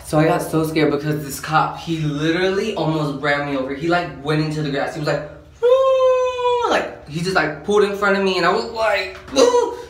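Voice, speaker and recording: Slightly high-voiced eighteen-year-old man, echoey. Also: brisk, few pauses, fairly bright tone. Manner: rambling, peppers talk with "like", slangy. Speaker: vlogger. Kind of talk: casual storytime chat. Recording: roomy echo, faint background hum.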